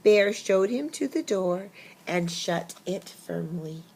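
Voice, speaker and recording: A woman reading a picture book aloud to children, expressive and pausing to ask her listeners questions. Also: mid-range voice, creaky, breathy edge. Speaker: storybook reader.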